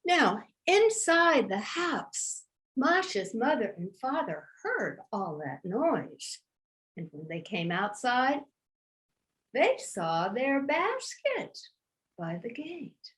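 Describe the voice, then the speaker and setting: A woman storyteller telling a folk tale to children in an animated, sing-song way, inviting listeners to join in. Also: on the high side, slow pace.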